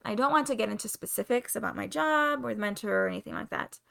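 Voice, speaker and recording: A young woman with a Spanish accent, talking openly and confessionally as a podcast host, sometimes pausing to find her words. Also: on the high side, vocal fry, fairly bright tone. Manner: open, confessional, searching for words. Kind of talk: candid solo podcast monologue.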